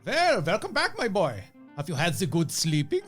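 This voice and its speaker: An actor playing an eccentric, playful German mad scientist with a put-on German accent and broken grammar. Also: male voice, high voice, wildly swooping pitch, moderate pace, fairly bright tone, faint music behind, heavily acted. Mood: jovial. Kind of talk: comedic audio drama.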